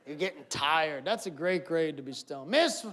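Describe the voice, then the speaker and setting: Male stand-up comedian with a high voice, lively and loud on the punchlines, live on a stage mic. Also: normal speed. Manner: animated, shouts punchlines, mimics characters.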